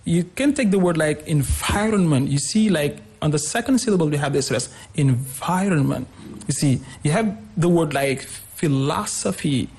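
A man's voice: on the high side, expressive, fairly quick, few pauses, a little mellow, breathy edge. A man explaining English pronunciation on a radio lesson, repeating example words with fillers. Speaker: English teacher guest.

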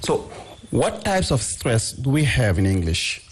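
A man's voice: mid-range voice, big pitch swings, unhurried, slight background noise. A man interviewing a teacher on radio, asking polite questions.

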